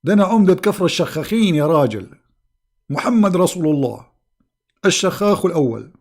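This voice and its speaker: A man's voice: sits high, big pitch swings, rapid-fire, pitched above the performer's own voice, heavily acted. A man doing a blustering boastful village mayor. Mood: scornful. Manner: loud, scornful ranting.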